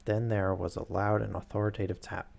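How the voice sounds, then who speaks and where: Gravelly man reading a story aloud. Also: lowish voice, flat delivery, brisk, darkish tone. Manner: stumbles and corrects himself, adds asides. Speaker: streamer reading a book aloud. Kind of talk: casual read-aloud narration.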